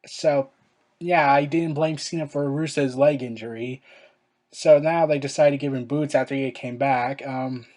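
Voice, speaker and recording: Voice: medium pitch, fairly even intonation, normal speed, darkish tone. A vlogger giving casual, opinionated wrestling commentary, rambling and often correcting themselves. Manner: rambling, exasperated, self-correcting.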